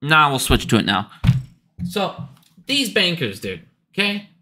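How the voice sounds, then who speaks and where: A man's voice: fairly high pitch, big pitch swings, measured pace, sharp tone. A man ranting heatedly about banks in a profane finance commentary vlog.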